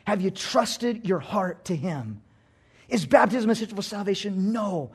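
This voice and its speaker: A man preaching a sermon, swinging between loud, excited outbursts and hushed, quiet passages. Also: sits high, measured pace, husky. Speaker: pastor.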